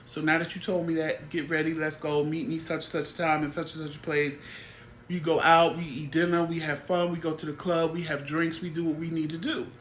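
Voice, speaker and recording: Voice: mid-range voice, level tone, moderate pace, roomy sound, slight background noise. A talk show host telling stories in a blunt, exasperated, casual way.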